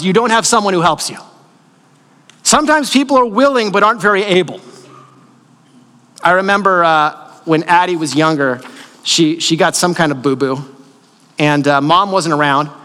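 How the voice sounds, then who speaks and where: A man's voice: high-pitched, a bit bright, long reverb tail. A middle-aged man, the lead pastor, preaching a sermon in a conversational way, asking the congregation questions and answering them himself. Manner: conversational storytelling with fillers.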